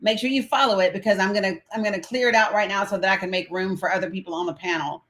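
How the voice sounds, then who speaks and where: A woman's voice: mid-range voice, fairly even intonation, quick pace, a bit bright. An American woman hosting a livestream panel, talking casually and growing impassioned and profane as she rises into outrage. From United States. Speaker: livestream host.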